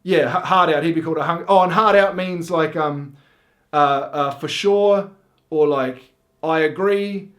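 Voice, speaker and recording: A middle-aged man with a New Zealand accent hosts a comedy video, explaining slang in a rambling, deadpan way full of fillers and self-interruptions. His voice sits on the high side, and he speaks unhurriedly.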